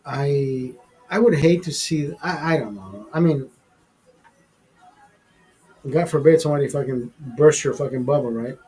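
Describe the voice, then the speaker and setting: A man's voice: mid-range voice, unhurried, pauses often, dark tone, husky, faint music behind, rough recording. A man hosting a live stream, telling a personal story in a rambling, profane way full of fillers and restarts. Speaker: show host telling a story. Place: studio.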